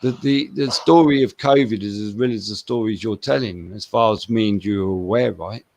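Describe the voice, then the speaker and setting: A man's voice: fairly low pitch, moderate pace, a little mellow, no echo. A man in casual chat, rambling and laid-back as he gives his friend advice. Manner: rambling, laid-back, calling him mate.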